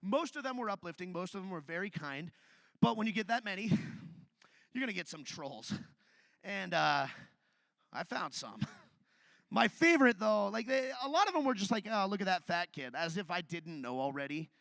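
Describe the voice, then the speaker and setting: A man's voice: high-pitched, very animated, moderate pace, creaky, pauses often, fairly bright tone, dry recording. Self-mocking male stand-up comic. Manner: conversational, self-deprecating storytelling. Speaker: stand-up comedian. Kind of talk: live stand-up set. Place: theatre stage.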